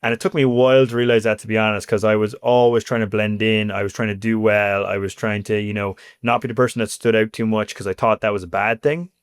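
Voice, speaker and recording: A man's voice: fairly low pitch, fast talker, hardly any pauses, smooth, no echo, clean studio sound. A man in his thirties from Cork with an Irish accent, talking casually as an interview guest and filling his talk with "you know" and "like". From Ireland. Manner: chatty, animated, lots of fillers like "you know".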